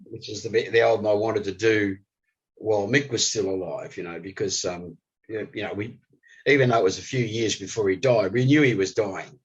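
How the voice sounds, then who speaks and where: An older man, a guest musician telling animated stories in an interview. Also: on the low side, fairly quick, husky. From Australia. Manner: animated storyteller, voice jumps up when excited. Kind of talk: storytelling interview. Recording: slightly dull lo-fi recording.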